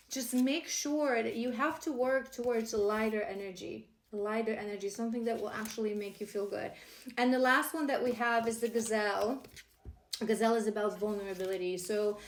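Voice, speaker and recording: A woman with a fairly high voice gives an earnest, encouraging spiritual card reading. She often stumbles and restarts her phrases as she talks. The room around her sounds echoey. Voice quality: emotional, laughing warmly at times. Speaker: tarot card reader.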